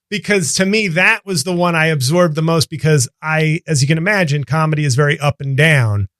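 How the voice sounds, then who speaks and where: A man's voice: on the high side, normal speed, a bit bright, dry recording, clean studio sound. Laughing comedian host in his forties. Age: 40s. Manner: self-deprecating, laughing easily. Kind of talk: casual chat.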